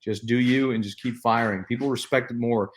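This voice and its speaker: A man's voice: medium pitch, steady tone, a little fast, a little hiss or hum. A man who is a guest on a casual podcast, talking brashly and bluntly with lots of swearing. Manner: brash and profane, blunt advice.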